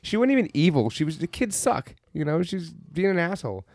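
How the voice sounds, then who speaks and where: Fairly high and sing-song, his creaky, darkish voice moves at a fairly quick clip in a clean studio recording with no room sound. He's co-hosting a podcast and sarcastically retelling a movie's plot, full of swearing, jokes, and mocking impressions of the characters.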